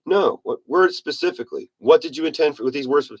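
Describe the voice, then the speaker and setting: A man's voice: on the high side, a little fast. A man giving a casual motivational monologue in a rambling, folksy manner, often correcting himself. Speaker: self-help speaker.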